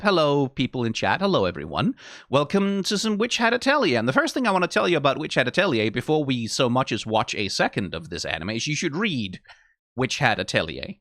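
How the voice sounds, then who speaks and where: A man's voice: fairly high pitch, a bit bright, dry recording, studio quality. A man hosting an anime reaction stream, talking casually and rambling, repeating his points emphatically and swearing now and then.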